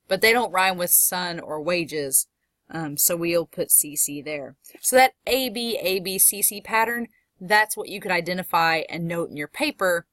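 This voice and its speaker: Woman professor lecturing, lowish voice. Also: pushed and bright, no room sound. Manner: explains step by step, reads poetry aloud slowly. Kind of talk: recorded lecture.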